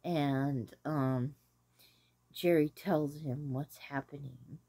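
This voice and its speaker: A woman hosting a casual talk about an old film, rambling and hesitant with many pauses. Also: sits low, fairly even intonation, dark tone, husky, no room sound. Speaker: host reviewing an 80s film. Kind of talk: casual chat.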